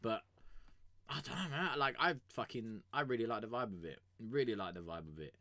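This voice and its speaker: A man's voice: medium pitch, lively intonation, a little fast, bright, forceful tone, dry recording, clean studio sound. A man streaming music reviews, talking casually in a rambling, sweary way and trailing off mid-sentence. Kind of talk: casual live-stream commentary.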